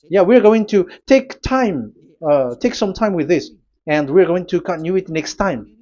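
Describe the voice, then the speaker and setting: A man's voice: high voice, darkish tone. Emphatic male preacher. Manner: emphatic, rhetorical questions, frequent fillers. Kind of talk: sermon with scripture reading. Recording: slightly dull lo-fi audio.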